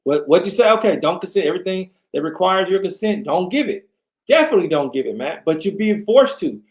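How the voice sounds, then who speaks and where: A man's voice: sits high, big pitch swings, fairly quick. A tired man hosting a late-night livestream, ranting in a rambling, repetitive way and talking to his chat. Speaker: livestream host.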